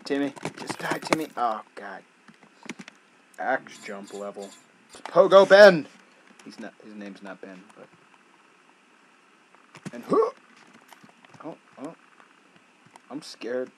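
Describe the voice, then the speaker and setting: A man doing gameplay commentary as a gaming YouTuber, swinging between yelling at the game and muttering to himself. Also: fairly low pitch, big pitch swings, slow, long pauses, slight background noise, low-quality recording.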